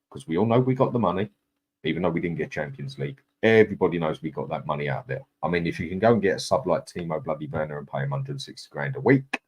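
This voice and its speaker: Deep-voiced man, live-stream host, matey and chatty, greets viewers by name. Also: a little mellow, slightly rough. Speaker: livestream host. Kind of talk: casual live chat, reading out viewer comments.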